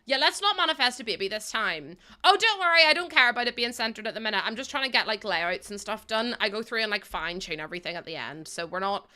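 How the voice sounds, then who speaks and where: A woman's voice: mid-range voice, animated, fast, few pauses, sharp tone. A woman streaming a game, chatting with viewers in a rambling, laughing way. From Ireland. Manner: rambling, chatty, laughs often, talks to chat. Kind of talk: casual livestream chat while playing.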